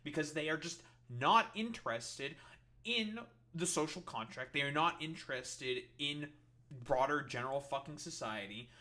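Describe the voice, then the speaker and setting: A man's voice: fairly high pitch, lively intonation, normal speed, pushed and bright. A man streamer reacting to a clip, ranting in a heated, sarcastic, profane way. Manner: sarcastic, heated, swears constantly.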